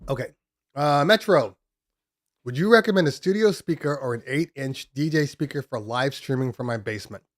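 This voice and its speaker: A man's voice: medium pitch, moderate pace, no echo, clean studio sound. A man hosting a DJ live stream, answering viewer questions in a loose, rambling way with many ums and restarts. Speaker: DJ podcast host. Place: home studio room.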